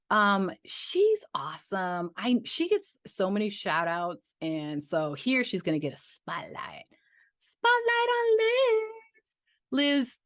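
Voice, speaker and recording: A woman's voice: fairly low pitch, a bit bright, no echo, clean studio sound. A woman vlogging about her budget in a chatty, gushing way, trailing off and restarting as she talks to her viewers. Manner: chatty and gushing, trailing off, with playful sung interjections. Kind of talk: casual chat to camera.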